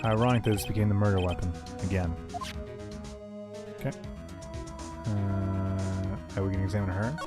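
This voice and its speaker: Low-voiced man streaming a game, voice going hoarse. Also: level tone, normal speed, long pauses. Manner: casual, laughing asides, swearing. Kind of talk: casual game commentary and read-aloud. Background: game music.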